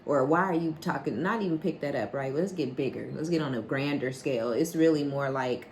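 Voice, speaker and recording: A woman's voice: low-pitched, fairly quick, slight background noise. A woman giving a casual collective tarot reading, blunt and profane, often asking "right?" and acting out bits of dialogue. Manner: animated, acts out quoted dialogue. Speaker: psychic tarot reader.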